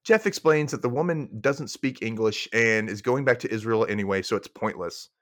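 A man co-hosting a podcast, recapping a sitcom episode and acting out the characters' lines with animated delivery. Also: fairly low pitch, normal speed, no echo, studio quality. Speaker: podcast co-host.

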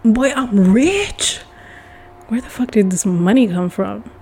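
A woman's voice: mid-range voice, animated, slow pace, a little mellow, a little hiss or hum. A woman ranting to the camera in a casual vlog, swearing often and sounding exasperated. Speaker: vlogger.

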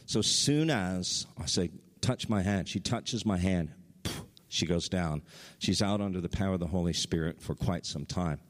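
Deep-voiced guy preaching, gets all worked up and his voice shoots way up, long echo in a big hall. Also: moderate pace. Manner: excited storytelling, voice rising high at highlights. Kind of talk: sermon testimony.

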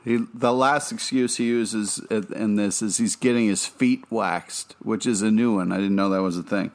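A man's voice: fairly low pitch, fairly even intonation, moderate pace. A man co-hosting a podcast, talking enthusiastically and rambling with fillers in casual chat. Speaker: podcast co-host.

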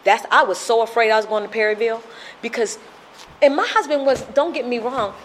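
A woman's voice: fairly high pitch, fairly quick, a little hiss or hum. A middle-aged woman telling her recovery story at a meeting, emotional and repetitive in her storytelling.

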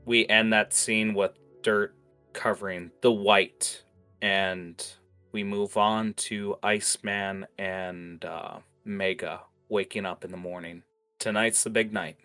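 A man's voice: fairly low pitch, steady tone, slow, bright, forceful tone, clean tone, faint music behind. A man narrating a tabletop game as game master, talking casually with many fillers.

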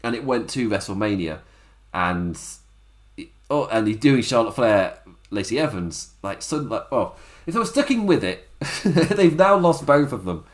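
A man's voice: mid-range voice, sing-song, normal speed. Guy rambling on about last week's wrestling, voice going up and down a lot, keeps laughing. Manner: chatty, rambling, laughs often, acts out quotes. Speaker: wrestling show reviewer. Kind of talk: casual spoken recap.

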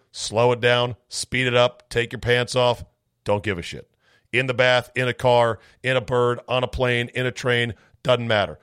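A man's voice: mid-range voice, a bit bright, clear, resonant tone, no room sound, clean studio sound. A man hosting a podcast in a casual solo chat, reading a listener's email with sarcastic, rambling, profane asides, his voice a bit off. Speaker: podcast host.

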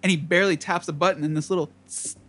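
A young man with a notably high voice tells a rambling party story to friends. His delivery is loose and profane, and he keeps acting out the other people in it. He laughs his way through the telling. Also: steady tone, fast talker, a bit bright. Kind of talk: casual chat, storytelling.

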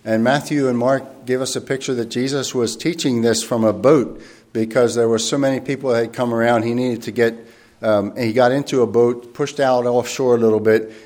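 A man's voice: mid-range voice, fairly even intonation, a little mellow. Earnest man preaching a sermon. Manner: thoughtful and earnest, often pausing and rephrasing; reads scripture aloud slowly and formally.

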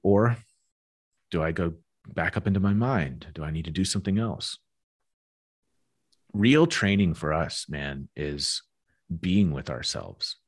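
Deep husky man talking reflectively. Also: animated, a little slow, pauses often. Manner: reflective, frank, swears casually. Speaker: guest. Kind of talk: casual podcast conversation.

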